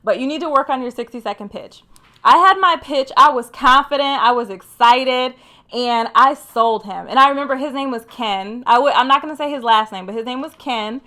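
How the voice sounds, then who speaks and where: A young woman from Michigan telling a career story to her viewers in a casual, animated way, full of "like" and "you know". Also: sits high, fairly quick. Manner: chatty and animated, lots of "like". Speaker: career vlogger.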